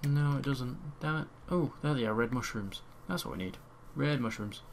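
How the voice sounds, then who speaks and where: A man's voice: medium pitch, moderate pace, creaky, noisy background. A young man giving casual commentary on his own gameplay, chatty and muttering repeated words to himself as he plays. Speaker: let's play gamer. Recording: home mic with loud keyboard typing. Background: keyboard typing.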